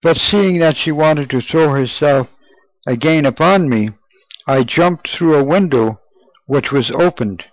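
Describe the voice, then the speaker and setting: A man reading an old first-person memoir aloud in a measured, solemn way. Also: a little high, no echo, poor audio. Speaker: reader. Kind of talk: audiobook narration.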